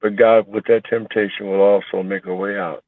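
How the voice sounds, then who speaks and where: A man hosting a call-in show who speaks calmly and quotes scripture. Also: fairly low pitch, normal speed, no room sound. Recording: dry tinny phone-like sound.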